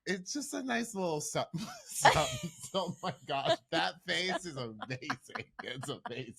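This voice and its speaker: A man's voice: a little high, wildly swooping pitch, moderate pace, gravelly, fairly bright tone. A man co-hosting a podcast in casual chat, playful and giggly, often laughing mid-sentence. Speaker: podcast co-host.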